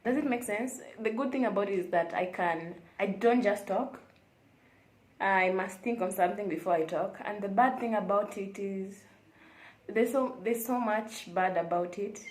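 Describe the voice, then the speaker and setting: Young woman, candid vlogger chatting alone in a roomy-sounding hotel room, mid pitch. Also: moderate pace. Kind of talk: casual confessional vlog chat.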